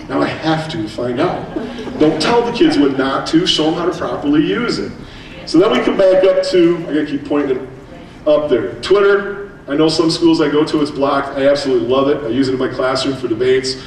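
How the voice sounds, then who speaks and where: An American man giving a conference keynote, telling stories with quick asides and jokes. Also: medium pitch. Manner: animated storytelling with quick asides. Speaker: keynote speaker, teacher. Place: large hall. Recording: echoey hall, distant mic, faint noise.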